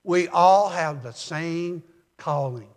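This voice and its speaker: An older male pastor delivers a sermon, easing into folksy stories with a calm, measured pace. His voice sits fairly high for a man. The sound rings out with the long reverb of a church sanctuary.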